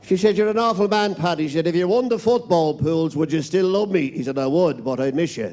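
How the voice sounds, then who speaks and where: Quick-fire Irish stand-up comedian. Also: male voice, fairly high pitch, darkish tone, some chatter behind, slight background noise. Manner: rapid one-liners, quick punchlines. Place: live comedy stage.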